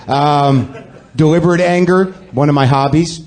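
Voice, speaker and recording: A man's voice: fairly high pitch, fairly even intonation, moderate pace, a little mellow. A man with a slightly raised voice rants through a comic monologue. He is sardonic and self-deprecating, and he performs to a live audience. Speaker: podcast host.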